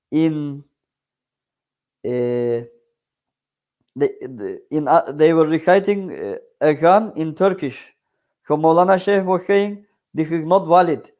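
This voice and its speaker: A man, the shaykh's grandson, telling a religious life story in an earnest, halting way with many fillers. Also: fairly high pitch, a little mellow. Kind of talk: casual spoken storytelling.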